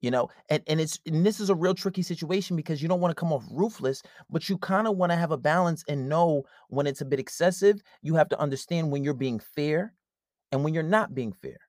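A man's voice: fairly high pitch, brisk, darkish tone, no room sound, studio quality. A man hosting a podcast, giving blunt, casual relationship advice and acting out bits of quoted dialogue. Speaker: podcast host.

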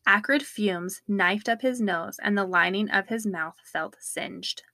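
Bright-voiced woman reading true crime. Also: medium pitch, no room sound, clean studio sound. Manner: steady, measured storytelling read. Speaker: podcast co-host. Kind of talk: reading a true-crime book excerpt aloud.

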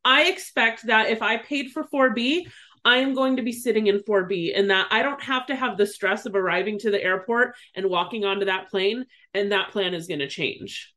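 A woman's voice: mid-range voice, moderate pace, sharp tone. A woman in casual conversation, ranting with indignation. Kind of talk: casual chat.

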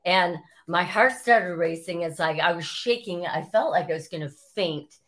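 A woman, a former sports reporter telling stories as an interview guest and acting out quotes as she goes. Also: moderate pace. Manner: animated, acts out quotes with rising pitch. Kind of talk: storytelling interview.

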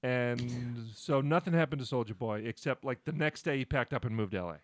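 A man's voice: mid-range voice, fairly quick, no room sound. A man appearing as a guest on a studio talk show, chatty and laughing as he recounts a story. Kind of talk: casual studio banter.

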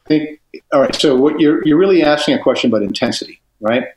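A man's voice: a little high, fast, darkish tone, a little hiss or hum. An older retired man, talking in an intense, emphatic way as a guest in casual chat. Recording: roomy echo.

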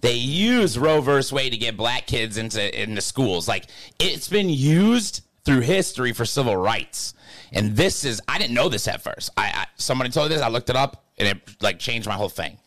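A young man holds forth on a casual podcast, joking around and dropping slang as he goes. His voice moves through a lively pitch range, rising and falling as he talks. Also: moderate pace. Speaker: podcast co-host.

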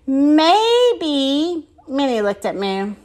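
A woman reading a children's chapter book aloud with expressive narration. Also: a little high. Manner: expressive and slow. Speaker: storybook reader.

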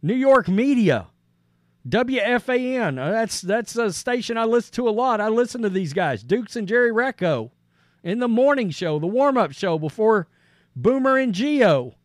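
A man with a high voice hosts a sports podcast and speaks bluntly and casually. He reads out quotes, then jumps in with his own opinion. The recording is dry and close, with no room sound. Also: big pitch swings, moderate pace, no room sound.

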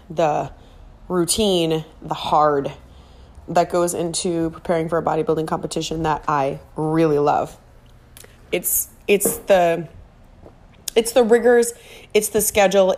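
Her voice is lowish and darkish in tone as this middle-aged woman hosts her own podcast. She delivers a heartfelt, emotional personal monologue, now and then poking fun at herself.

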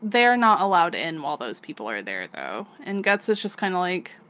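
A woman's voice: lowish voice, sing-song, moderate pace, a bit bright. A woman co-hosting a podcast, casually recapping a manga, laughing often and swearing freely as she acts out the characters. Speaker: podcast co-host.

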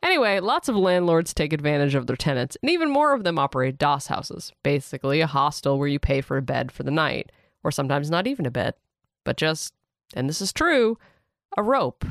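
A podcast host narrating history with wry, deadpan comic asides. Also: mid-range voice, a little fast, no echo, clean studio sound.

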